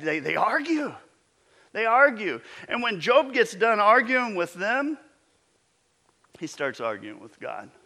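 A middle-aged man preaching a sermon in an animated, emphatic way, often restarting his phrases. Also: fairly high pitch. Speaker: pastor.

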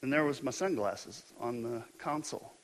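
A middle-aged male pastor preaching a sermon, telling stories with animated, self-mocking humor. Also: medium pitch, normal speed.

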